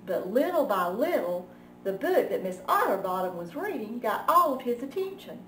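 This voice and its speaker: A woman librarian reading a picture book aloud slowly and expressively, acting out the sound effects. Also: fairly high pitch, big pitch swings, fairly bright tone, a little hiss or hum. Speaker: children's librarian. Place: library room. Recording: echoey room, mic far off.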